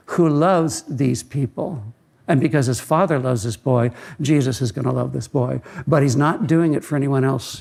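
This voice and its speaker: A man's voice: fairly high pitch, vocal fry, darkish tone. A man, a pastor, preaching a sermon in a conversational storytelling way, often repeating words as he starts a phrase.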